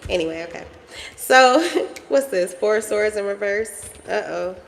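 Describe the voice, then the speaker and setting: A woman's voice: medium pitch, unhurried, creaky, long reverb tail, slight background noise. A woman giving a casual collective tarot reading, chatty and playful, laughing often and swearing freely. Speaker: tarot reader.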